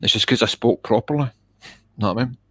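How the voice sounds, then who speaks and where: A man's voice: mid-range voice, fast, sharp tone, no echo. A Glaswegian Scottish man talks in a blunt, casual way, dropping "mate" into his sentences. His voice sits mid-range for a man and is recorded dry and close, with no room sound. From Scotland, east end of Glasgow. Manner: blunt, swears, says "mate" often. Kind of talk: casual chat.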